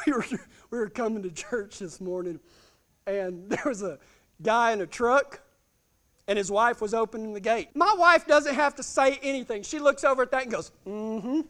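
A man telling a self-deprecating, humorous story in a sermon, animated and laughing often. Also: very high voice, normal speed.

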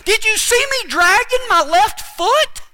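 A man voicing his own younger self in pain, pleading in a high, strained, frantic voice. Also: expressive, a little slow, bright, forceful tone, full character voice.

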